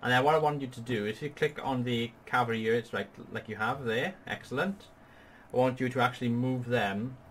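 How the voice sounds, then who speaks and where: This Welsh gaming channel host has a mid-range voice and talks a little fast, with faint hiss or hum on the recording. He patiently guides a partner through a strategy battle, keeping his tutorial commentary upbeat and explanatory.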